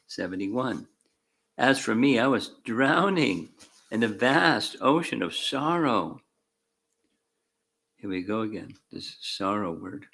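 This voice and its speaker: A man reads scripture aloud and stops to give his own commentary. He talks slowly and carefully in short phrases, and his voice is bright and clear. He calls out each verse number and adds dry little remarks. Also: lowish voice, very animated. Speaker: spiritual teacher.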